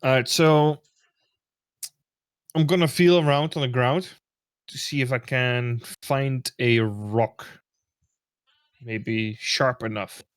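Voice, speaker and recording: A man playing a tabletop role-playing game, speaking hesitantly with halting restarts. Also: mid-range voice, steady tone, no echo. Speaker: player. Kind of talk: casual tabletop game play.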